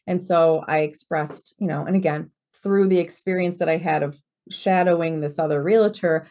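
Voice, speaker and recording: A woman in her forties, a real estate broker and podcast guest, telling stories in a lively way and acting out the quoted dialogue. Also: deep voice, normal speed. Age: 40s. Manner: lively storyteller who acts out quoted dialogue. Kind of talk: conversational interview storytelling.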